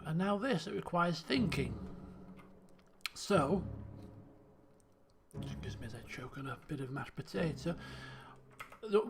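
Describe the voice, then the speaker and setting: A man's voice: a little high, vocal fry. A man giving casual live-stream commentary while playing a game, chatting and thinking aloud as he works through puzzles.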